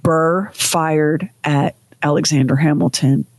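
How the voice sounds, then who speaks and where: A woman's voice: low-pitched, fairly even intonation, no echo. Woman telling a story with dramatic flair. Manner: dramatic, vivid storytelling with emphatic pauses. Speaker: podcast co-host. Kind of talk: casual storytelling chat.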